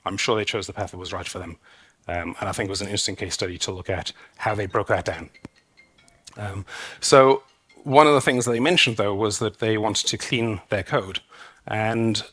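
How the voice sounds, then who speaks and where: A man with a fairly low, husky voice gives a conference talk. He rambles a little, pausing on fillers and restarting his sentences as he explains. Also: fairly bright tone. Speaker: conference speaker. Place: conference stage.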